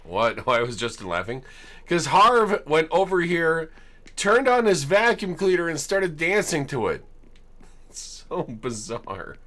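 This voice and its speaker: A man's voice: fairly high pitch, sing-song, takes it slowly, fairly bright tone. A man streaming a life-sim game, chatting casually and chuckling as he tours homes he built. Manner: chatty, amused, chuckles often. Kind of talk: casual gameplay commentary.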